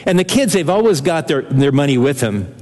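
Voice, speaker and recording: Older male pastor, fairly high voice, earnest preaching, long church-hall reverb. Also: sing-song, brisk, darkish tone. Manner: earnest expository preaching, shifting pace. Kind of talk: sermon.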